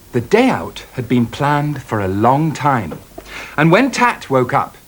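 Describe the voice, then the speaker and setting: Guy reading a kids story, super expressive, gentle. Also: on the high side.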